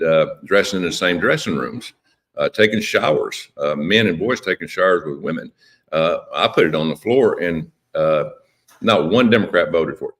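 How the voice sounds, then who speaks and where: A man's voice: low voice, a bit bright. A man speaking as a politician guest on a radio interview, impassioned and emphatic, often repeating words.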